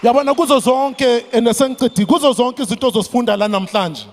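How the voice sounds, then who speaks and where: A man with a very high voice delivers a fiery motivational talk. He shouts lines for the crowd to chant back, and his voice rings through a big echoing hall. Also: fast talker. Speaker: motivational speaker. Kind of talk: motivational stage speech. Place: large event hall stage. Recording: echoey hall.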